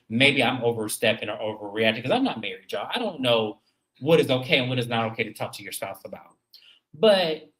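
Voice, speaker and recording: A woman's voice: low-pitched, a bit bright, rough recording. A woman hosting a reality TV recap in casual commentary, blunt and emphatic, cursing freely and talking straight to her viewers.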